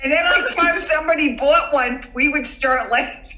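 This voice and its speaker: A woman's voice: high-pitched, normal speed. An older woman and former college basketball player, telling stories with a lot of laughter. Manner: laughing, animated storyteller. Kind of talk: reminiscing conversation. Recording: roomy echo.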